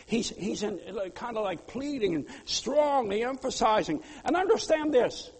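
A man preaching a sermon as a pastor, swinging between loud pleas and quiet asides. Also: sits high, husky. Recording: long hall reverb.

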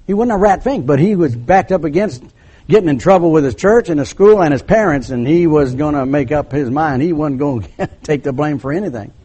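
An older man preaching a sermon, telling a story from his years as a pastor, acting out the voices of the people in it and dropping to a hushed tone at serious points. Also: a little high, lively intonation, fairly quick, slightly rough.

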